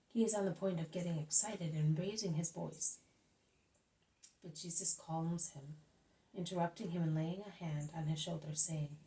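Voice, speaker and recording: Mellow-voiced woman reading scripture narration. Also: low-pitched, echoey room. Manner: steady, measured reading. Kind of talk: scripted narration of a religious text. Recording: voice slightly distant from mic.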